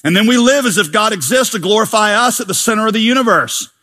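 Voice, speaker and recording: Bright-toned male preacher, high voice, playful sermon delivery with acted-out voices. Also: fast. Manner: animated, joking, acts out voices. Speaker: pastor.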